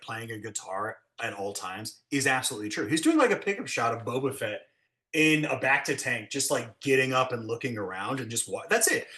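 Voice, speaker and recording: A man, a special effects blacksmith, telling set stories in a casual, animated way and acting out what people said. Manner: animated, acts out quotes with big pitch jumps. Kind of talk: casual storytelling.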